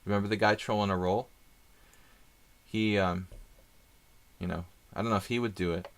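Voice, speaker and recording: A man's voice: on the low side, fairly even intonation, normal speed, clean tone. A man doing live chess stream commentary, chatty and thinking aloud with rambling asides.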